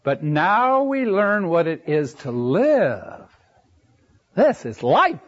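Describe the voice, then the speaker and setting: A man preaching a Bible sermon as a teacher, with animated rises and drops in pitch and slow, emphatic delivery. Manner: slow, emphatic delivery with brief asides and restarts. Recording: dull lo-fi recording.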